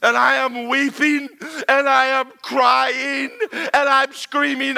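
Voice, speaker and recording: A man preaching a sermon, swinging from low murmurs to shouted passages. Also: level tone, takes it slowly, gravelly, few pauses. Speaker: pastor.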